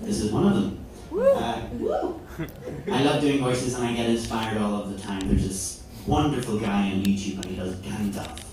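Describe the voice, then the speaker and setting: Male comic, lively rambling delivery, raised pitch, echoey distant recording with loud noise. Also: normal speed. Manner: animated, rambling, laughs at own jokes. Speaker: stand-up comedian. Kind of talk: stand-up comedy set. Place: indoor comedy venue. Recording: echoey room, far camera mic, loud noise.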